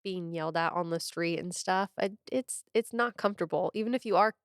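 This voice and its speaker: A woman's voice: fairly low pitch, fairly quick, clean tone, no room sound, clean studio sound. A young woman co-hosting a casual podcast chat who laughs often and acts out quotes. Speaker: podcast co-host.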